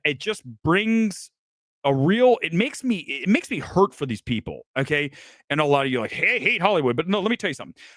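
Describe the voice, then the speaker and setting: A self-assured man hosts a live movie review, hammering his points with emphatic, rhetorical asides. His voice sits a bit higher than most men's. The sound is dry and close, with no room around it. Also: a bit bright, no echo. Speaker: movie review show host.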